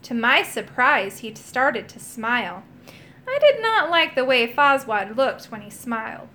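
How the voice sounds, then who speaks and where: A woman reading a children's storybook aloud in an expressive, animated way. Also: fairly high pitch, a little slow. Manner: animated, voices characters. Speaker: storybook reader. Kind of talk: expressive read-aloud narration.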